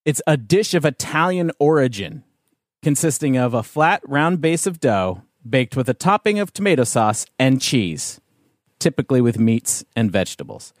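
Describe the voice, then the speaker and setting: A man's voice: medium pitch, sing-song, moderate pace, no echo, clean studio sound. A man hosting a casual chat, leading the talk in a chatty, playful way. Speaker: podcast host.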